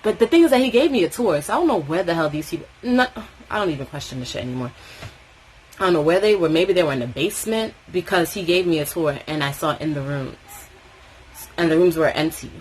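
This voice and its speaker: Lowish-voiced woman telling a wild story. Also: quick pace, a little hiss or hum, low-quality recording. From Tobago. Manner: animated, swearing freely, acting out quoted voices. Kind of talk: casual storytime chat.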